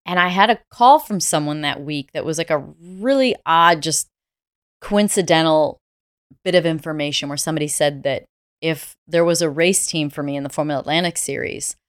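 A woman from the United States talks as an interview guest, recounting her experiences in a candid, reflective way. Her voice is low and smooth, and it sounds dry and close with no room echo. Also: normal speed. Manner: reflective, candid, laughs easily. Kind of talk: conversational storytelling.

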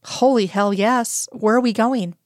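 A woman's voice: on the high side, a little slow, no echo, clean studio sound, close to an everyday voice. A woman voicing a teasing, doting man. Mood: playful. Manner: playful, teasing. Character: teasing, doting male agent, playful and evasive.

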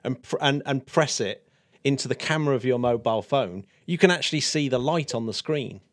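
A man hosts a relaxed science conversation, asking questions and checking his understanding aloud. His voice sits at an average male pitch. The sound is dry and close, with no room sound. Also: a little fast, dry recording. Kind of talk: casual science chat.

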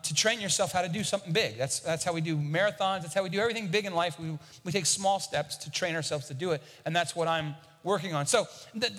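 A man's voice: a little high, fairly bright tone, in a large hall. A man preaching a sermon as a pastor, talking conversationally and often repeating a word as he starts a thought.

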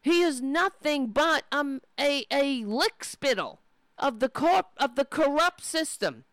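A woman's voice: sits high, a bit bright, dry recording. A woman ranting in angry, profane, sarcastic commentary as she reacts to political clips.

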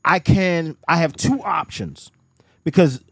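A man telling a story in a casual podcast chat, animated and profane, laughing often. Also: fairly high pitch, takes it slowly, gravelly, breathy edge, no echo, studio quality. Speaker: guest storyteller.

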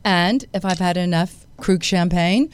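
A woman's voice: on the low side, a little slow, clean tone. A woman from Texas, a podcast guest speaking frankly in casual conversation. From Harlingen, Texas. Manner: frank and laughing.

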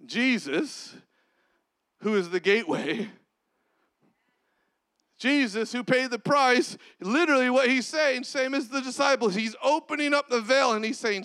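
A man preaching a sermon as a pastor, with long pauses and sudden drops to a soft voice. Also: very high-pitched.

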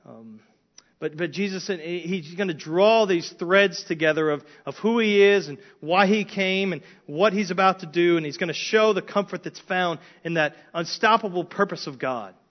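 A man's voice: sits high, normal speed. A man preaching an expository sermon, earnest, with frequent restarts and rising emphasis on key points. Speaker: pastor. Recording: dull lo-fi sound.

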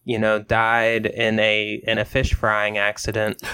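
A man improvising a comedy bit with friends, quickly breaking into high-pitched acted voices. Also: completely flat delivery, bright, forceful tone, clean tone.

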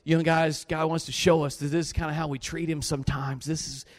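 A man preaching a sermon, telling a story with animated swings between loud bursts and low, earnest pleas. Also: fairly quick, in a large hall.

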